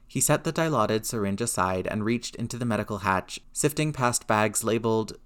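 Low-voiced man reading a story. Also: lively intonation, fairly quick, hardly any pauses, a bit bright, clear, resonant tone. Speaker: reader. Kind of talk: reading fan fiction aloud.

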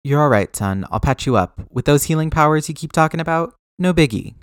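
A man's voice: fairly high pitch, expressive, fairly quick, clear, resonant tone, dry recording, clean studio sound, voice pushed up, close to an everyday voice. A man voicing a blunt, caring male soldier who swears and reassures in an audiobook reading.

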